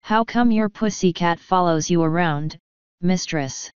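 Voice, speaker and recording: A woman's voice: on the low side, unhurried, a little mellow, clear, resonant tone, dry recording, close to an everyday voice. A woman voicing a proud, blustering little fairy man who loves a fight, in a dull lo-fi audiobook recording.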